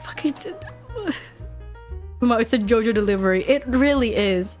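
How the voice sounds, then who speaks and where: A young woman streaming, chatting casually and excitedly, laughing often and swearing freely. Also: fairly high pitch, slow, pauses often, soft background music. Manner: giggly, excitable, swears casually, repeats quotes.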